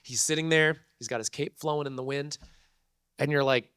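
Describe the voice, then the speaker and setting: A man, a convention panel guest, telling a story to an audience in an animated, laughing way full of slang. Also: on the high side, moderate pace, clear, resonant tone, no echo, clean studio sound.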